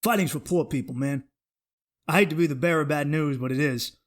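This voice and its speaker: A man's voice: on the high side, brisk. A man hosting a comedy podcast, ranting in a worked-up, profane, emphatic way.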